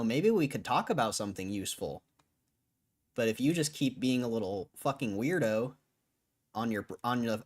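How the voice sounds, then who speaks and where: A man on a live stream, arguing with his chat in a casual, cussing way, tired after hours on air. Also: mid-range voice. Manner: argumentative, swears, laughs between lines. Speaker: livestreamer.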